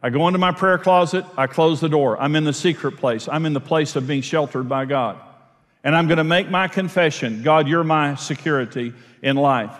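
A man's voice: fairly high pitch, moderate pace, a bit bright, long reverb tail. A man preaching a sermon, earnest and emphatic, repeating phrases to drive points home. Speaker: pastor. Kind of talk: sermon teaching.

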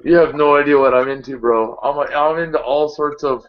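A man's voice: a little high, brisk, a crowd in the background. A man hosting a casual live video hangout, joking and laughing often as he rambles. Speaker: host of a motovlogger live hangout. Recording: dull lo-fi sound with faint noise.

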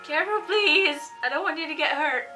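A woman chatting casually and gushing excitedly as she reacts to a video at home. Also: high-pitched, a little fast, music in the background, poor audio. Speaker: reaction vlogger.

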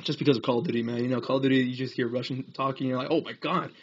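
A man's voice: mid-range voice, level tone, very fast, breathy edge, highs cut off. A young American man chatting on a casual live gaming stream, rambling, laughing often and reading chat aloud. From United States. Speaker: livestreamer.

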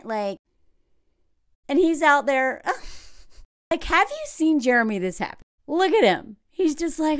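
A married adult woman giving blunt, animated reaction commentary on a reality show, with mocking impressions and laughs. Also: sits high, a little slow.

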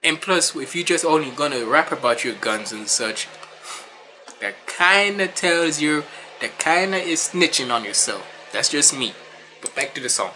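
A man's voice: fairly high pitch, expressive, moderate pace, pushed and bright, slight background noise, rough recording. A man hosting a casual music reaction, talking in a laid-back, rambling way, sounding nasal and stuffy from a cold.

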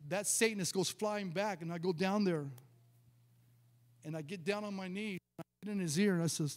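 A man's voice: high voice, normal speed. A male pastor preaching a sermon, telling a personal testimony with emphatic, vivid storytelling and acted-out dialogue. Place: church sanctuary. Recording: long hall reverb.

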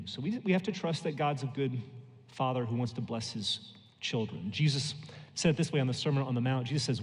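An American man in his thirties preaching a sermon in a church, telling everyday stories in a conversational way with quick lively asides. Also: medium pitch. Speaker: pastor. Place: church sanctuary. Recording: long reverb in a church hall.

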